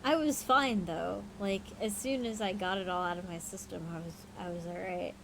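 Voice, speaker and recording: A woman's voice: medium pitch, normal speed, gravelly, background noise. Hiccuping woman reading spooky stories. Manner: frank and profane, with laughing asides. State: has the hiccups; tired. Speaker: livestream host. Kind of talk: reading spooky stories aloud, with casual chat.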